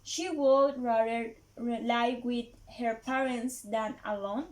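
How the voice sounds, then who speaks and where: A high-pitched woman whose first language is Spanish talks through English grammar points. She goes slowly, with frequent "uh"s and halting restarts, like a student giving a class presentation. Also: steady tone. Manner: slow, halting, many fillers and restarts, non-native phrasing.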